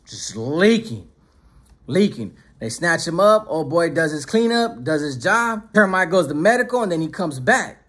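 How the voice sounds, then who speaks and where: A man's voice: on the high side, lively intonation, moderate pace, hardly any pauses, bright, forceful tone. A man telling a prison story in a casual, streetwise way, full of slang.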